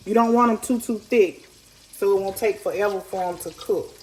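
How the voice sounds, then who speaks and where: Woman, folksy home cooking talk, medium pitch, faint sizzle from the pan. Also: normal speed, a little mellow, a little hiss or hum, rough recording. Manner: chatty, folksy, talks straight to viewers. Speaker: home cook. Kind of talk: casual cooking tutorial. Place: home kitchen.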